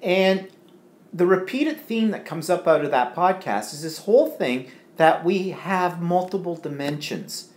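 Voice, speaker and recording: This co-host has a high, animated voice and a slightly slow pace. On the live home stream he rambles casually, reads out viewer comments and fills his talk with fillers, all in an echoey room.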